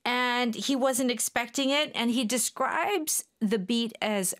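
A woman's voice: on the high side, slow, fairly bright tone. A woman hosting an English lesson, explaining phrases and asking her co-host questions. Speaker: English teacher.

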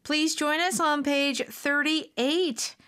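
A woman's voice: high voice, takes it slowly. A middle-aged woman hosting an English lesson with encouraging, chatty talk. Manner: encouraging, chatty, many fillers. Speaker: English teacher host. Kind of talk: casual teaching chat.

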